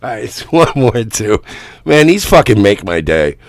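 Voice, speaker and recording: A man's voice: fairly low pitch, moderate pace, dry recording, studio quality. A man hosting a radio show, reacting to video clips with laughter and lots of swearing. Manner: laughing, profane, animated. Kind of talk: casual reaction commentary.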